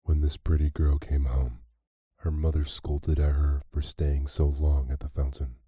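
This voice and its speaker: A man narrating a classic fairy tale as a slow, soothing bedtime story. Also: a bass voice, little pitch movement, slightly rough, no echo, studio quality. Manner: slow, soft, soothing reading.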